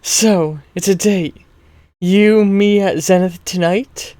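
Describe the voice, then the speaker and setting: A man's voice: high voice, slow pace, darkish tone, dry recording. A man playing a flirtatious blonde woman in a soap opera, speaking coyly. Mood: flirty. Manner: coy, flirtatious.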